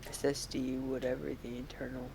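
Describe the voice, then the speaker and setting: Man, gravelly voice, terse quiet asides, faint hiss behind. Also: medium pitch, completely flat delivery, a little fast. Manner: quiet, brief dry interjections. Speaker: friend on the stream. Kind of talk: casual chat.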